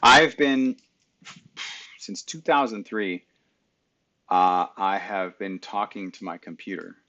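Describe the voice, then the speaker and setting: A man's voice: low voice, takes it slowly, pushed and bright, lo-fi sound. A middle-aged man hosting a live stream, talking casually through his screen and muttering back at his computer, recorded on a webcam mic. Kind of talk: casual screen-share talk.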